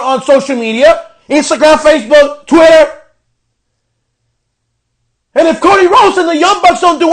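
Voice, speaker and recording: A man's voice: very high-pitched, fairly bright tone. A young man hosting a podcast, ranting in frustration with heavy swearing as he reviews a wrestling show. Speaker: podcast host.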